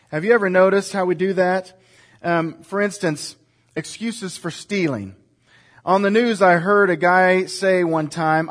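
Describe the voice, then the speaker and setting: A male pastor delivers a sermon in a slightly higher-pitched voice. He asks rhetorical questions and moves between soft, reflective moments and emphatic passages. Now and then he leads the congregation in saying a line together.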